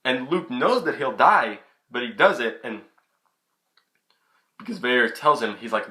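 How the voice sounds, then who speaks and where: Young man, casual vlog review, excitable, bright tone, camera mic. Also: mid-range voice, a little slow, long pauses. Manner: chatty, excitable, many restarts. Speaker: film reviewer.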